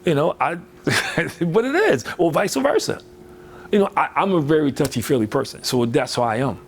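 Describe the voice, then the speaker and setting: A man's voice: a little high, big pitch swings, normal speed, slight background noise. A man giving a motivational workshop talk in a conversational way, filling with "you know" and acting out quoted voices. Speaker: motivational speaker.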